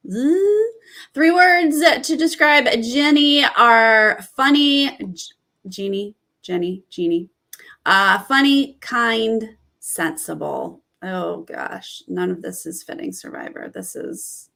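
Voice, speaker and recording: A woman's voice: mid-range voice, creaky, fairly bright tone. A woman hosting a casual reaction vlog, reading out cast bios and giving candid, chatty comments on each. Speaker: reality TV commentator.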